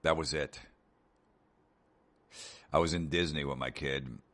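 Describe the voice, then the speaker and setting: A man with an extremely deep, low voice rants his way through a comedy podcast monologue. He talks sarcastically, swears constantly and keeps telling listeners to relax. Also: fairly even intonation, measured pace, a bit bright. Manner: profane, sarcastic ranting. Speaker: podcast host.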